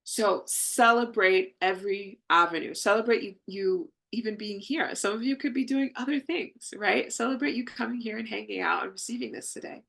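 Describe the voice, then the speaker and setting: A woman's voice: medium pitch, normal speed, creaky, hardly any pauses, fairly bright tone. A woman leading a live online healing session, talking to her viewers in an effusive, affirming way. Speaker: spiritual healing coach.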